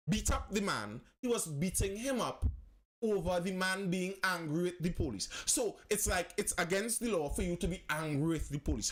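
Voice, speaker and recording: A man's voice: high-pitched, fairly bright tone. A man hosting a live-stream commentary. He talks with passion, repeats phrases for emphasis and answers viewers' comments as he goes.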